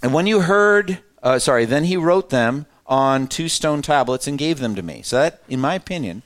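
A man's voice: on the high side, moderate pace. Man teaching a Bible class. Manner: reads scripture aloud with lively emphasis, then breaks off to explain; conversational, asks the class questions.

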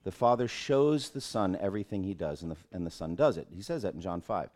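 A man's voice: lowish voice, animated, a little fast, warm tone. A middle-aged man, a pastor, teaching a Bible class in an earnest way, thinking aloud and often restarting his phrases.

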